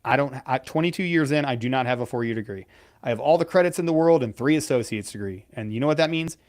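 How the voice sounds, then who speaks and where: A man's voice: mid-range voice, fast talker. Blunt, profane male military veteran. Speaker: podcast co-host, veteran pararescueman. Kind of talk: casual live-stream advice talk.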